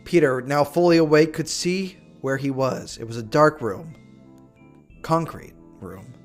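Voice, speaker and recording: A young man on a live stream reads viewers' stories aloud, breaking off into jokey, excitable asides. His voice sits fairly high for a man. The reading is loose and casual. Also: unhurried, faint music behind.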